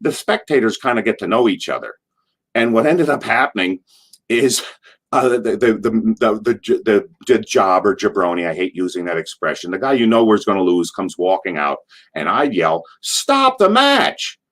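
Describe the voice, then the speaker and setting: A middle-aged man, a former wrestler, telling stories in an interview, rambling through asides and acting out what people shouted. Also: fairly low pitch. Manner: animated, acts out quotes in a loud, drawn-out voice. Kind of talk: casual anecdotal storytelling.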